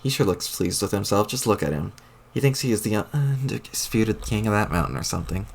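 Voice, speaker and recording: A man reading aloud as a wry, deadpan teenage girl adventurer who rambles. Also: fairly low pitch, brisk, vocal fry.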